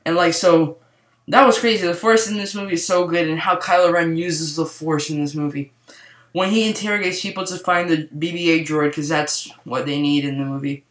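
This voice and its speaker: A young man rambling excitedly through a casual movie review, full of fillers and restarts. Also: a little high, a little fast. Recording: echoey room.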